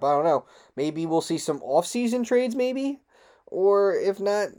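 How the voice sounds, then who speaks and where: A man hosting a solo sports talk show, ranting in a frustrated, rambling way, swearing and jumping sharply up in pitch. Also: dark tone. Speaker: podcast host.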